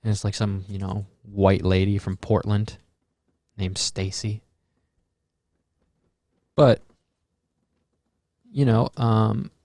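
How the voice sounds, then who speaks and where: A man talking through a casual solo podcast monologue in a mellow, warm voice. He rambles and muses, drops casual swearing and trails off into fillers and restarts. The sound is dry and close, with little room. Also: lowish voice, dry recording. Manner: rambling, musing, swears freely. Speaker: podcast host.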